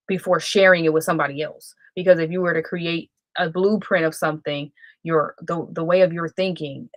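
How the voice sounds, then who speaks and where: Female livestream host, casual and self-correcting, lowish voice. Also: no echo. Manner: rambling, self-correcting, chatty. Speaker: live stream host.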